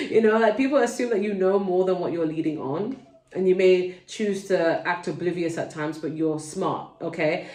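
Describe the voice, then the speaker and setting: This tarot reader, a woman with a London accent, talks directly to viewers from home in a casual, wandering way. Her voice is fairly low and dark at a normal speed, captured on a distant mic with plenty of reverb.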